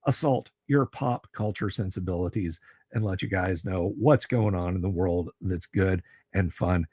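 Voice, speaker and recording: A man's voice: lowish voice, fairly even intonation, measured pace, no echo. A man running a tabletop game on a livestream, talking in a casual, friendly way and often repeating words as he goes. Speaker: game master.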